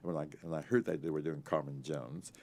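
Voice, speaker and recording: A man in his eighties, an actor and author telling lively, rambling Hollywood stories in an interview and acting out the people in them. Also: rumbling low, slight background noise. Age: 80s. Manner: animated, rambling, laughing, quick to act out others. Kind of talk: anecdotal interview storytelling.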